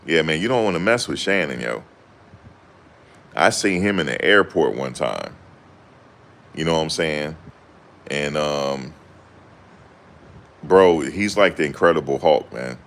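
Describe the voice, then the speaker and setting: A man's voice: extremely low pitch, lively intonation, measured pace, long pauses, fairly bright tone. A young man chatting casually to camera in loose, slangy banter, often laughing. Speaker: vlogger.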